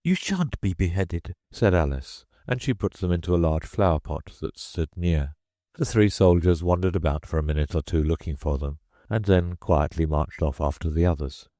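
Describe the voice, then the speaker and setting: A man narrating an audiobook in a measured, expressive reading style. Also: rumbling low, no room sound, clean studio sound. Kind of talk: scripted storybook narration.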